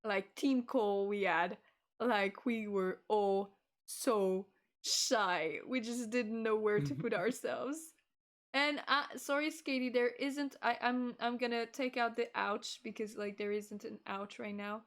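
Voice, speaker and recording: A woman's voice: a little high, steady tone, a little slow. A woman VTuber hosting a casual stream, bubbly and scattered, laughing often while fiddling with her stream setup.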